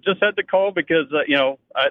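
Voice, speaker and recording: A man's voice: fairly high pitch, quick pace, dry recording. A man from Pennsylvania calling in to a radio show, friendly and teasing. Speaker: caller. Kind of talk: call-in radio talk. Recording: tinny phone line.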